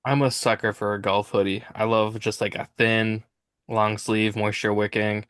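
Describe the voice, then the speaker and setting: Minnesotan man, podcast host, low and even-toned, self-deprecating jokes, dry close sound. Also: normal speed, clear, resonant tone, no echo. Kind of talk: casual chat.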